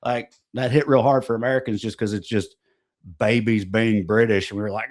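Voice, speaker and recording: A man's voice: medium pitch, animated, normal speed. A man co-hosting a comedy podcast, explaining things in a rambling, profane, casual way. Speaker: podcast co-host.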